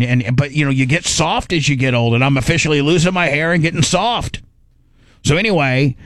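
Middle-aged male show host, lively storyteller who acts out his own voices and restarts often; dry, close sound. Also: on the high side, no echo. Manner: animated, acts out his own panicked inner dialogue, frequent restarts. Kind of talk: casual storytelling chat.

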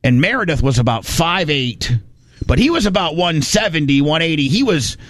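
A man's voice: on the high side, moderate pace, no echo. A man from Indiana, telling a rambling, folksy story in casual chat. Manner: rambling, folksy, animated when quoting people.

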